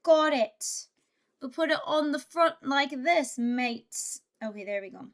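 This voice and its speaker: A woman's voice: sits high, expressive, slow. A woman livestreamer chatting casually and laughing often, thinking aloud as she builds Lego.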